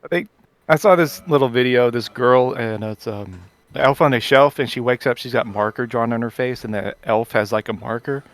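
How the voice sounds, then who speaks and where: A man's voice: medium pitch, normal speed, no echo. A man chatting casually at a tabletop game session, telling a story and laughing often. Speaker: player.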